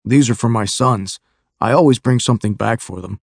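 A man's voice: medium pitch, normal speed, vocal fry, no echo. Man reading Harold, a modest young police officer. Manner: modest, respectful.

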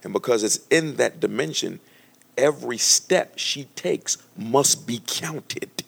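A man voicing the Holy Spirit as a calm, solemn divine voice, speaking slowly and deliberately. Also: medium pitch, gravelly, slightly rough, exaggerated voice.

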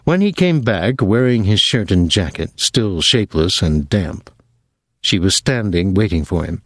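A man giving a measured, even audiobook narration of a novel. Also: sits low, dry recording. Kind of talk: scripted narration.

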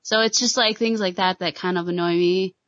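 A woman with a fairly low voice chats casually about a show, hedging her points with fillers. The sound is dry and a little dull, like a lo-fi recording. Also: steady tone, fairly quick, a bit bright, no echo. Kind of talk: casual chat.

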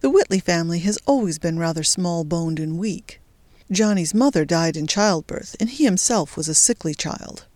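A woman voicing a brisk, sly young woman in mourning who speaks prim and matter-of-fact. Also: on the low side, expressive, a little mellow, dry recording, lightly acted.

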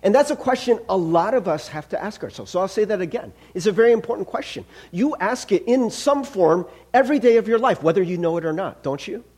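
A man's voice: high voice, lively intonation, fairly quick, hardly any pauses, darkish tone, breathy edge. A young adult man, a pastor, giving a sermon in a church in a conversational, self-deprecating way, asking the congregation questions and joking along the way. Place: church sanctuary.

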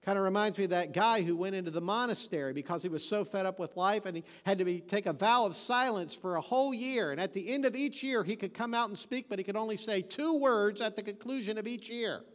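A man's voice: high voice, quick pace, hardly any pauses, long reverb tail. A man preaching a sermon, telling folksy stories and joking, then hammering points home with emphatic repetition. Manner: folksy storytelling with joke delivery.

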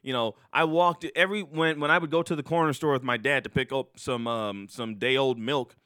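A man's voice: mid-range voice, a little fast, smooth, no room sound, studio quality. A man hosting a casual podcast, telling stories with lots of laughter. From Chicago South Side. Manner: animated storyteller, laughs often. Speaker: podcast host. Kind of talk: casual banter.

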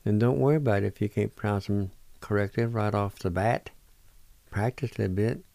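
A man hosting a radio language lesson, spelling words out and pronouncing each one slowly, syllable by syllable, in a patient, encouraging way. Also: lowish voice, vocal fry, dark tone, no echo. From Oklahoma, United States. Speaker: language teacher on a radio show. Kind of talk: slow spelling and pronunciation lesson.

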